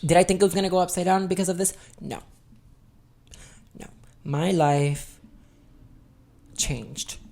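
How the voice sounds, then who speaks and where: A young adult woman hosting her own podcast in a candid, expressive confessional chat, swearing freely and calling listeners honey. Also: on the low side, measured pace, creaky, pauses often. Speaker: podcast host.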